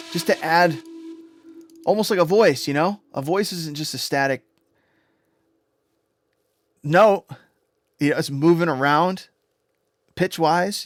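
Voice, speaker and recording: Male music producer streaming, higher-pitched, excitable and rambly, profane, dry mic. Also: no echo. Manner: rambling, excitable, profane, tags "right?" and "you know?". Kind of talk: casual livestream explanation.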